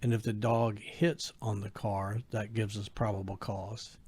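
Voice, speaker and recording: A man talking as a comedian guest on a casual podcast, hesitant and measured, often repeating words as he thinks. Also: fairly low pitch, little pitch movement, a little mellow, breathy edge. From United States. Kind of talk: casual chat.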